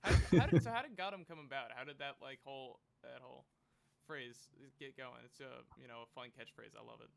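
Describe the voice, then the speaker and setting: A man's voice: medium pitch, brisk, gravelly, darkish tone, a little hiss or hum. A man hosting a podcast, asking casual questions and laughing along with his guest. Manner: laughing, encouraging interviewer. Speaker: podcast host.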